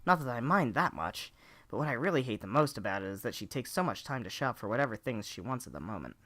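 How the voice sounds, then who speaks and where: A man's voice: mid-range voice, sing-song, fast talker, bright, forceful tone. A man hosting a let's play, reading a visual novel aloud and breaking off for crude joking asides. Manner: joking, crude asides between read lines.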